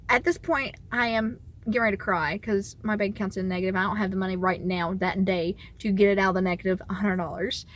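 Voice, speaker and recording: Bright, excitable woman vlogger. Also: mid-range voice, brisk, few pauses. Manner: animated, excitable storytelling with laughs. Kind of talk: casual storytime vlog.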